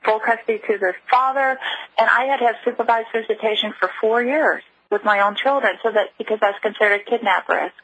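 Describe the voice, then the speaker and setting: A middle-aged woman recounting a personal story as an interview guest, earnest and halting with frequent restarts. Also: a little high, a bit bright, husky, poor audio.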